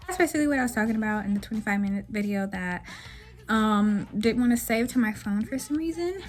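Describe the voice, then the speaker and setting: A woman's voice: mid-range voice, lively intonation, fast talker, faint music behind. A young woman in her twenties telling a blunt, profane storytime rant in a casual vlog. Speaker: vlogger. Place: dim room at home.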